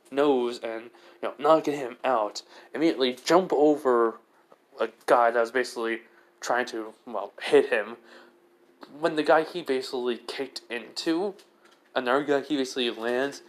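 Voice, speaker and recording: A young man improvising a fan story aloud, rambling with many fillers. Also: medium pitch.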